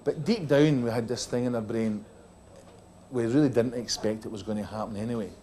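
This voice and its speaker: A man's voice: medium pitch, brisk, a little hiss or hum. Middle-aged scottish guy spinning a funny rugby tour story, plays all the parts. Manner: lively anecdote telling, acting out other voices. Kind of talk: comic after-dinner storytelling.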